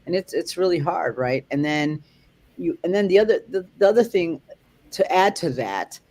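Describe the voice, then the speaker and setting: Dog trainer, mid-pitched, halting delivery, keeps restarting sentences. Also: animated, darkish tone. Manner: rambling, halting, many restarts. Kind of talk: casual chat.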